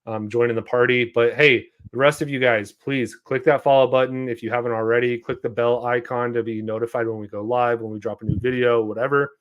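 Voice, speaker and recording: A man hosting a relaxed podcast in a loose, chatty way, with lots of filler words. His voice sits at an ordinary middle pitch for a man. He speaks in easygoing everyday tones. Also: fairly quick, few pauses, highs cut off. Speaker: podcast host. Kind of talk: casual podcast chat.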